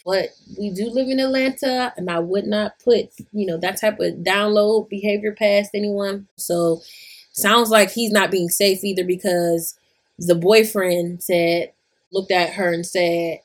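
A woman's voice: medium pitch, fairly even intonation, a little slow. A young woman hosting a podcast, reading a listener's story aloud and reacting bluntly, swearing freely. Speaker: podcast host. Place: lives in Atlanta.

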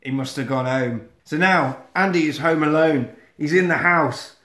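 Man, bright-voiced, animated casual storyteller, echoey room. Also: on the high side, normal speed. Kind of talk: casual film recap.

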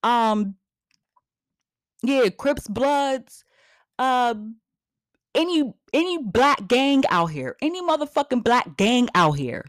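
A woman's voice: a little high, very animated, slow, long pauses, no echo, clean studio sound. A woman hosts a podcast in a blunt, profane, repetitive rant. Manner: profane, blunt, repeats herself for emphasis. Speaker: podcast host. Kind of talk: casual ranting monologue.

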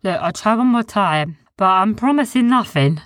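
A woman's voice: mid-range voice, lively intonation, moderate pace, dry recording, studio quality, voice pushed up, close to an everyday voice. A woman voicing a big, furry, fussy male creature who is reluctant and cautious, in a storybook reading. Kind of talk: storybook character voice.

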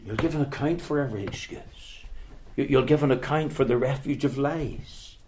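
A man preaching a sermon, reading scripture aloud and swinging between hushed low passages and loud, rising exhortation. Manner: reads scripture in King James wording.

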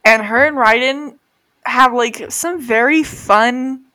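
A woman's voice: fairly high pitch, takes it slowly, sharp tone, dry recording. A young woman co-hosting a podcast, chatting in a giggly, laid-back way. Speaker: podcast co-host. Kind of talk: casual chat.

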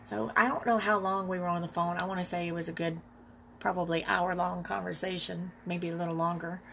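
A woman podcast host telling a personal story, candid and reflective, in an unhurried way with pauses. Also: on the low side, level tone, gravelly, a bit bright, slight background noise.

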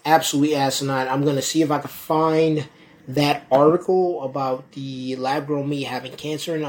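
A young man hosting a solo podcast, talking fast and heatedly, swearing and repeating "folks" as he rants. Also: mid-range voice. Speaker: podcast host.

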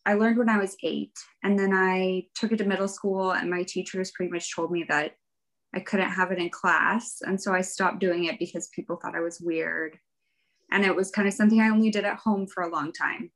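A woman's voice: on the low side, fairly even intonation, brisk, low-quality recording. Chatty woman guest, rambling storyteller. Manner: rambling and chatty, laughs while talking. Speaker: guest, fiber arts professional. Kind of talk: casual interview chat.

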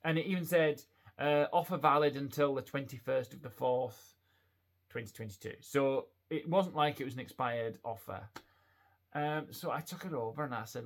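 A man, hosting his own podcast and telling a shopping story in a chatty, animated way, full of quoted voices and restarts. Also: mid-range voice, brisk, creaky. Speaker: podcast host; retail manager. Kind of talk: casual storytelling monologue.

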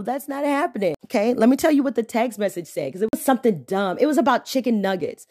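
A young adult woman hosting a podcast, telling a story in a casual, slangy way and jumping up in pitch when she is indignant. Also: fast, hardly any pauses, no echo, clean studio sound. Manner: animated, exclaims with sharp pitch jumps when indignant; slangy, conversational. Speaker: podcast host.

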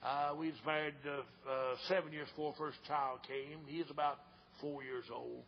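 An older man preaching an old-time revival sermon as an evangelist, fervent and folksy, sometimes shouting and hollering. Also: a little high, steady tone, normal speed, vocal fry, slight background noise. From Tennessee. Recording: dull old recording with long hall reverb.

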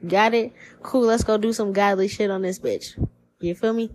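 A woman's voice: mid-range voice, moderate pace, slight background noise, poor audio. Profane, slangy woman giving a spiritual reading. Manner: profane, slangy, animated storytelling with put-on quoted voices. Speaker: tarot reader. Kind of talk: casual spiritual reading podcast.

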